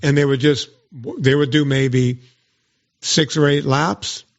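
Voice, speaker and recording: A man's voice: a little high, slow pace, muffled recording. Storytelling male podcast host. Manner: animated storytelling with mock quoted voices. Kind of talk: casual chat.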